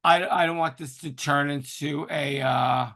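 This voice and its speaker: A man in his sixties, a podcast guest in casual conversation, animated and flamboyant with dramatic exclamations. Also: fairly high pitch, a little slow, gravelly.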